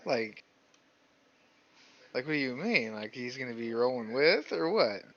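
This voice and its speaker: A man's voice: medium pitch, sing-song, measured pace, a bit bright, lo-fi sound. A man chatting casually and joking as a player in a tabletop game.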